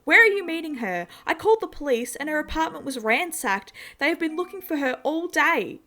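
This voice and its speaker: A woman's voice: high voice, animated, fairly quick, bright, forceful tone, pitched above the performer's own voice, heavily acted. A woman voicing a frantic, middle-aged mother who pleads in a panicked rush in a horror story reading.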